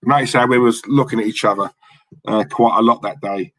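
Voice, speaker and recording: A man's voice: mid-range voice, fairly even intonation, brisk, fairly bright tone, no echo, poor audio. A man hosting a live football watchalong, chatting casually and cheekily while reading comments, with lots of fillers and repeated words. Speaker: livestream host.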